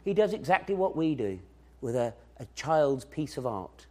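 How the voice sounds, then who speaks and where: Lively male preacher giving a sermon. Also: medium pitch, normal speed. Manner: animated storytelling, acting out quoted voices.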